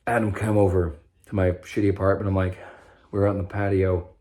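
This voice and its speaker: A man's voice: deep voice, flat delivery, brisk, dark tone. A young man talking in a casual, rambling monologue about his own recovery, swearing freely and often breaking off mid-sentence. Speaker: vlogger sharing his recovery story.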